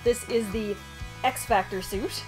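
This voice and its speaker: A woman's voice: fairly high pitch, fairly even intonation, a little slow, soft background music, poor audio. A woman co-hosting a casual toy vlog, making dry teasing remarks. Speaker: co-host.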